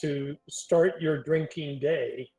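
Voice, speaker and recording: Chill guy on voice chat, kinda high voice, coaxing his buddy. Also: fairly even intonation, slow pace, mellow, slightly rough, low-quality recording. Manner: easygoing, coaxing. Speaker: friend on voice chat. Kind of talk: casual gaming chat.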